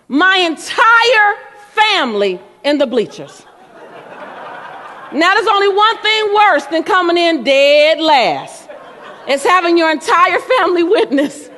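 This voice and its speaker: Lady motivational speaker, high voice, animated and playful, long hall echo. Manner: animated, playful, laughs between lines. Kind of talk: storytelling speech to a live audience. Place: large hall before an audience. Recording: long reverb of a large hall.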